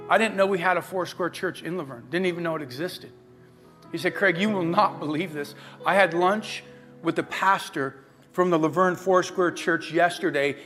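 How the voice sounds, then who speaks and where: A middle-aged man preaching a sermon as pastor, telling a personal story in a lively way and acting out the people he quotes. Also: on the high side. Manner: animated storyteller, acts out quoted voices. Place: church sanctuary. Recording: faint guitar music behind.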